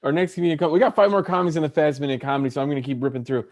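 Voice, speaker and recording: A man hosting a comedy show over a video call, introducing comics in an upbeat, hurried way. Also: a little high, fairly even intonation, a little mellow. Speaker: show host.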